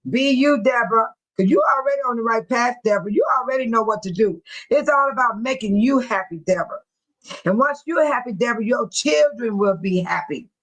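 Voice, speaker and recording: An older woman in her sixties, chatting casually with her viewers as a stream host. Her voice sits a little on the high side, and she talks bluntly and tells stories, often breaking into laughter. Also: a little fast, poor audio. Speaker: livestream host speaking to viewers. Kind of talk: casual chat.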